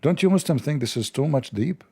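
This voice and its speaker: A man's voice: on the high side, expressive, fairly quick, warm tone, breathy edge. A man hosting a livestream, talking in a sarcastic, mocking way in non-native English. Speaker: livestream host. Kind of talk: livestreamed commentary.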